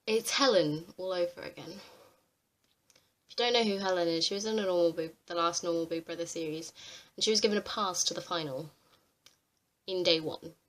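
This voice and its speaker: A young woman ranting to camera on a vlog, exasperated and swearing freely with animated outbursts. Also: on the low side, brisk. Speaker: vlogger. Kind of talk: ranting commentary.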